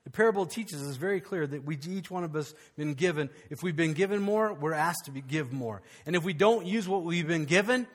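A male pastor, preaching a conversational, animated sermon with frequent restarts. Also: fairly high pitch, a little fast, few pauses, slightly rough.

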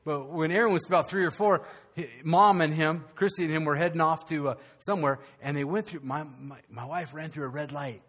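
An older man preaching a sermon as pastor, swinging from loud, animated outbursts to hushed, quiet passages. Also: a little high, fairly quick.

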